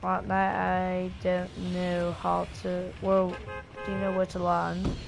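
A woman's voice: lowish voice, monotone, slow, vocal fry, music in the background. A woman giving chatty, goofy commentary while playing a game. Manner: chatty, goofy, tries out fake accents. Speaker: gamer. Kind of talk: casual gaming commentary. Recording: noisy home recording.

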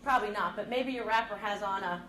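A woman leading a middle-school drama lesson, coaching students with energetic, encouraging instructions. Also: mid-range voice, fast talker, crowd noise. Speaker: drama teacher. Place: school classroom. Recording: echoey classroom with students around.

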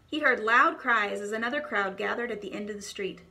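Bright expressive woman storyteller. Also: mid-range voice, a little fast, vocal fry. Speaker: children's devotion storyteller. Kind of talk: reading a children's storybook aloud.

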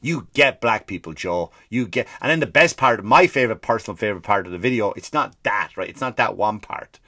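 A man hosting a comedy podcast, ranting quickly and emphatically with lots of swearing and repeated phrases. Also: lowish voice, animated, bright, forceful tone, no room sound, studio quality. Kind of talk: comedic rant.

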